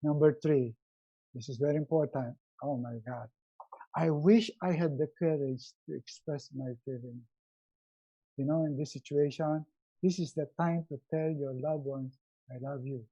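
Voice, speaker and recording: Brief: middle-aged man, coaching talk, mellow warm tone, lively and playful. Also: fairly high pitch, a little slow, dull audio. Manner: animated, acts out quoted scenes in a raised voice. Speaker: resiliency coach. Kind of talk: live motivational webinar talk.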